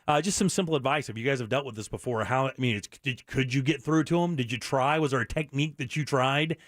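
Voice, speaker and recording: A man's voice: mid-range voice, fast, a bit bright, no room sound, studio quality. A middle-aged man hosting a radio show, talking earnestly and bluntly with many restarts. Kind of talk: candid talk radio monologue.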